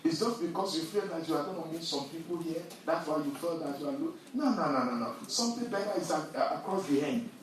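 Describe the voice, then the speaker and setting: A man preaches in a big, very echoey hall, his voice a little higher than most men's. He sounds distant from the mic, with faint noise behind him, and he swings from quiet storytelling to loud, forceful scripture reading. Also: quick pace, few pauses. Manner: animated, rising to loud emphasis when reading scripture. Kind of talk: sermon.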